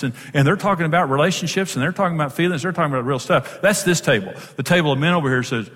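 A man's voice: a little high, racing, hardly any pauses, fairly bright tone. Joking man lecturing couples in a hall. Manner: jokey, self-deprecating, acts out quotes. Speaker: marriage speaker. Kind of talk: humorous teaching talk to couples. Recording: long reverb of a large hall.

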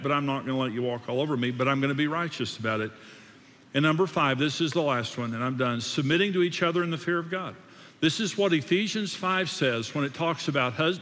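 A man preaching a sermon in a slightly high voice, emphatic and repetitive, often restarting sentences. His words ring out with a long echo in a hall. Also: a bit bright. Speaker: pastor.

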